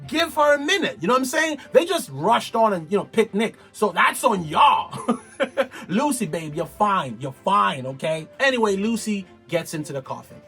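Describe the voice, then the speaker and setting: A man with a high, swooping voice talks through a reality show's events in loose, slangy commentary. He is animated and chatty, and faint music plays behind him. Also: moderate pace, slightly rough. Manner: animated, slangy, acts out others. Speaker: TV recap vlogger. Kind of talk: casual commentary.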